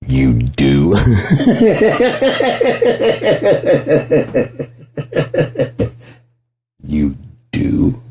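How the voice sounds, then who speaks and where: A man with a low, dark voice talks gently and at length, drifting from one thought to the next. His tone is husky, and he swears freely and breaks into chuckles often. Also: normal speed. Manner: rambling, profane, chuckles often. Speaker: vlogger. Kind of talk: gentle casual monologue.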